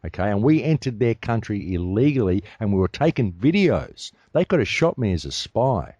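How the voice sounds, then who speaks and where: A low, mellow-toned man speaks as an interview guest. He talks in an emphatic, indignant rant. The sound is dry, with little room around it. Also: very animated, moderate pace, slightly rough, dry recording. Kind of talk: heated interview talk.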